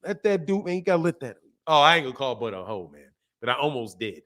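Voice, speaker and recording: A man hosting a boxing livestream, talking in a slangy, animated way and laughing often while reading out viewer messages. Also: mid-range voice, fast talker. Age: adult, a father. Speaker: boxing channel host. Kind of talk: casual livestream chat.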